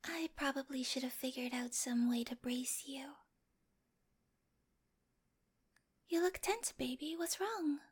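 A woman voicing a sweet but obsessive young girlfriend with a dark streak in a whispered role-play, speaking straight to the listener with giggles and coaxing whispers. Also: high voice, normal speed, lightly acted. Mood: soothing. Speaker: voice actor in listener-addressed audio drama.

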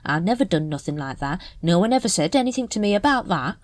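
A woman voicing a shifty, scruffy older male night watchman who mutters evasively in rough slang. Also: on the low side, animated, quick pace, no echo, close to an everyday voice. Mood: grumbling.

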